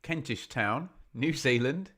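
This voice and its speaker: A man hosts a live football watch-along stream, reading out where his viewers are watching from. He talks in a chatty, self-deprecating way, and his voice sits at a middling pitch. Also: animated, slow, a bit bright, slightly rough. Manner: chatty, self-deprecating, reads out chat messages.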